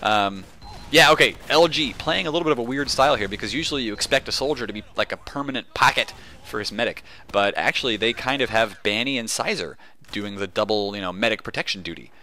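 A young man casting a competitive video game match alone, excitable and jokey, rambling into asides full of fillers. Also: on the low side, fast, slight background noise. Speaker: esports caster. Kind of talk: solo play-by-play commentary.

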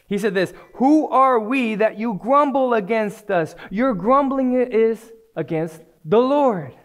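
A man preaching a sermon in an earnest way, repeating phrases and putting pointed questions to the congregation. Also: high-pitched.

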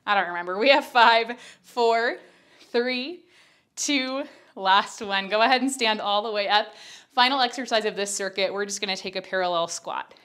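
A young woman leads a Pilates class while she does the exercises herself, and she is audibly out of breath. She talks in a chatty, candid way between counts and cues. Her voice sits at an ordinary middle pitch. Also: normal speed, a bit bright. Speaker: Pilates instructor. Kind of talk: workout instruction.

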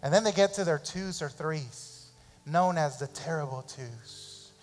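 A man preaching a sermon as pastor in a church, animated and repeating phrases for emphasis, sometimes acting out parents' voices. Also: fairly high pitch, big-room sound, soft background music. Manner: acts out parents' voices in quick asides. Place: church sanctuary.

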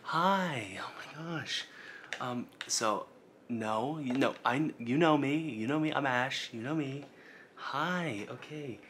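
A man doing comedic whispered role-play as an intruder, nervous and stammering, whispering frantically and often breaking into loud hissed commands. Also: medium pitch, takes it slowly. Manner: flustered, stammering, repeats himself. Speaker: ASMR creator.

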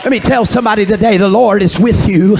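High-voiced, gravelly preacher man shouting. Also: fast, crowd noise, noisy background. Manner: shouting fervently, breaking into sung phrases. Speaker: pastor. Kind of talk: Pentecostal sermon.

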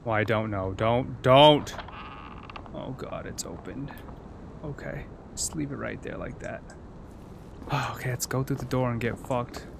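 Male gaming streamer, jokey and excitable, mid pitch, noisy recording. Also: measured pace, gravelly, long pauses. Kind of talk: let's-play commentary.

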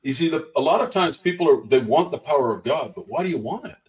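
Animated preaching man, slightly off-mic. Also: on the high side, fast, recorded from a distance, rough recording. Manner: animated storyteller who acts out the voices in his anecdotes. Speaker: guest minister. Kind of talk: conversational testimony storytelling.

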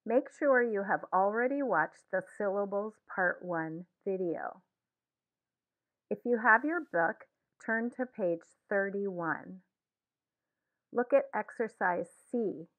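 A woman teaching a language lesson in a slow, deliberate scripted way, saying each word twice. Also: medium pitch, animated. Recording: tinny phone-like sound.

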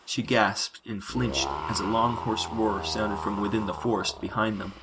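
A man narrating science fiction in a measured, dramatic reading. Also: fairly low pitch, steady tone, noisy background.

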